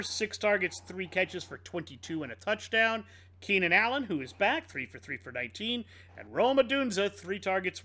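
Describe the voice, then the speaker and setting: A man co-hosting a casual sports podcast, reading off game stats. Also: sits high. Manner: reads off game stats in a lively, rising-and-falling delivery. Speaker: podcast co-host.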